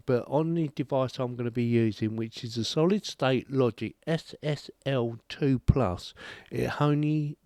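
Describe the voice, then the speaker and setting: This is a rambling, self-deprecating home review of a desk microphone on a boom arm, given by a British man who reviews tech. He has a dark, medium-pitched voice. No room sound comes through, and the recording is clean studio quality.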